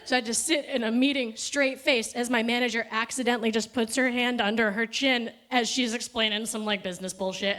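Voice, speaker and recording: A woman's voice: fairly high pitch, steady tone, brisk, hardly any pauses, fairly bright tone. A young woman doing a stand-up set, chatty and profane, often laughing at her own jokes. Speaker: stand-up comedian. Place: comedy festival stage.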